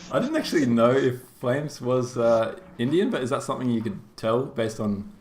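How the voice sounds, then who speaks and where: A man's voice: mid-range voice, animated, moderate pace, darkish tone. An Australian man hosting a game tournament stream, chatty and rambling, laughing often and full of fillers. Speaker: tournament caster and stream host. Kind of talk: casual live-stream chat. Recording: roomy echo.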